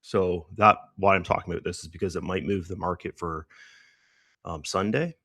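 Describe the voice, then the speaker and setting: Low-voiced, breathless man talking markets. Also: fairly even intonation, normal speed, pushed and bright, no room sound, clean studio sound. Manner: loose, rambling, lots of fillers. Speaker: trading livestream host. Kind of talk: casual live market commentary.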